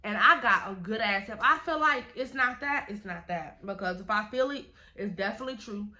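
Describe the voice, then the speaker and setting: A young woman, telling a casual storytime vlog in an animated, slangy way, acting out the quotes. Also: mid-range voice, brisk. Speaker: vlogger.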